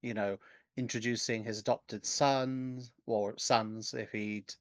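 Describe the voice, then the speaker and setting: A man co-hosting a podcast in casual chat, speaking in a measured, hedging way with frequent "and such". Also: lowish voice, steady tone, no echo. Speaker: podcast co-host.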